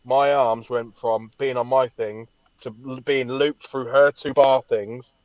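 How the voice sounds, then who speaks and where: A man co-hosting a podcast, telling a story in an animated way and swearing freely. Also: medium pitch, a little slow, dry recording, muffled recording. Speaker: podcast co-host. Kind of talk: casual chat.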